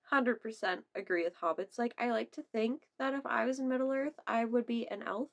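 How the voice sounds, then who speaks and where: A woman's voice: fairly high pitch, normal speed, creaky. A young woman vlogging casually, laughing often, swearing and putting on playful silly voices. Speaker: vlogger reacting to memes. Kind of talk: casual chat.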